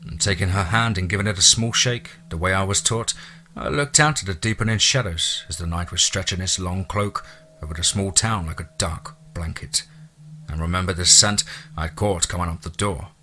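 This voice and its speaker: A man narrating a first-person story in a measured way, dropping to hushed tones at eerie moments. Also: sits low.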